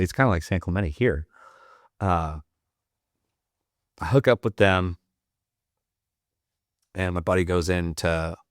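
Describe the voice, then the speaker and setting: A man's voice: deep voice, a bit bright, no room sound, studio quality. A young man telling rambling, profane anecdotes in casual podcast talk, laughing often. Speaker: podcast guest, Marine veteran. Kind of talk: casual storytelling.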